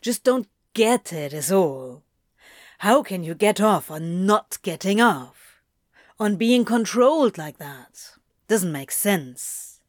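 A woman's voice: medium pitch, expressive, slow, no room sound, clean studio sound. A woman voicing a grumbling, prickly man. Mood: snappish. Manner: irritable, snappish. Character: prickly, grumbling adult man, easily flustered. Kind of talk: audiobook reading of fan fiction.

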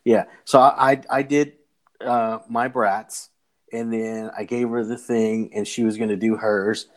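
A man's voice: lowish voice, little pitch movement, unhurried. An older man hosting a podcast, chatting casually, rambling with repeated words and easy laughter. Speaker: podcast host. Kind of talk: casual interview chat.

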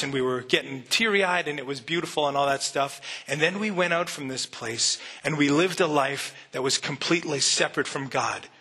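A man's voice: a little high, sharp tone, breathy edge. A man preaching a sermon to his church, earnest and conversational, often restarting his sentences. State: emotional, near tears. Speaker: pastor. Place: church sanctuary.

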